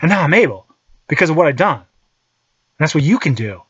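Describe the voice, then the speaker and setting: A man in his thirties talks in a loose, profane monologue, and his pitch swings widely up and down as he tells his stories. His voice is slightly husky. The sound is dry and a little dull, like a lo-fi podcast recording. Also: brisk, no room sound. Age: 30s. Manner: profane, animated storytelling. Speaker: podcast host and holster maker. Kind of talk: casual monologue.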